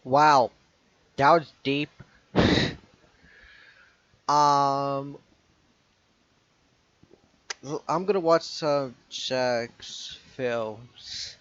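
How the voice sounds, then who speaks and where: Halting man reacting slowly on stream. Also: medium pitch, steady tone, dry recording, lo-fi sound. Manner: quiet, halting, laughs a lot. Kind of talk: casual live-stream reaction.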